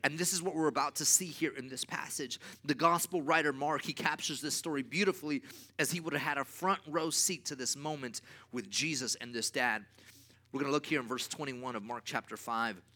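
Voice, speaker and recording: A man preaching a sermon as pastor, with emphatic repeated refrains and swings from loud to quiet. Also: mid-range voice, fairly quick.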